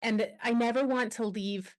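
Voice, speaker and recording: A woman guest on a podcast interview, telling a personal story with candid, animated energy and quoting others as she goes. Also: on the high side, normal speed. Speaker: guest, anti-trafficking expert.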